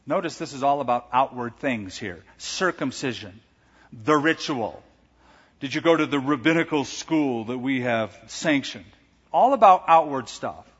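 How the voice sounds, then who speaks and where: Male preacher, mid-pitched, emphatic sermon delivery with quiet-to-loud swings; long hall reverb, dull sound. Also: husky. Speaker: pastor.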